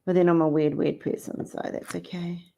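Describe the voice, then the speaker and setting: A woman's voice: lowish voice, flat delivery, normal speed, vocal fry, dark tone. A middle-aged woman hosting a casual livestream, chatting affectionately with viewers and laughing often. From Australia or New Zealand. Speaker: livestream host. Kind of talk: casual live chat with viewers.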